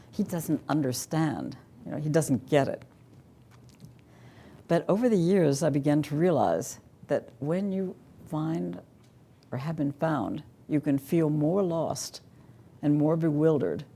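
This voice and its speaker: A woman's voice: low voice, creaky, dark tone, breathy edge. An older woman giving a talk at a conference, with dry, wry humor, reading cartoons aloud to the audience. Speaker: conference speaker. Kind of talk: lecture to an audience.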